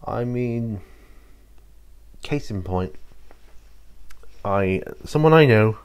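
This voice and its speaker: This channel host talks to camera alone, fielding viewer questions in an extremely slow, low, expressive voice that is clear and resonant. He's rambling and hesitant, often using fillers and starting over.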